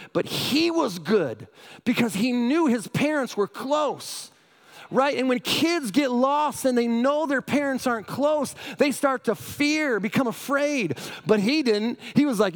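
High-voiced preaching man, lively. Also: measured pace. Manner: energetic, questioning the congregation, frequent "right?". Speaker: pastor. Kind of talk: sermon.

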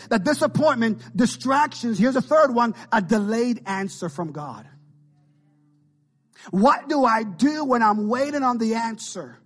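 A man's voice: extremely high pitch, a bit bright, breathy edge. A male pastor preaching an impassioned sermon and calling out to his congregation.

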